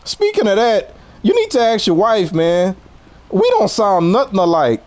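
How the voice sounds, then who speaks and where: A relaxed Louisiana gamer in his forties talks casually with his stream's chat, laughing often in his Southern accent. His voice sits high and a little mellow, with huge pitch swings at a moderate pace.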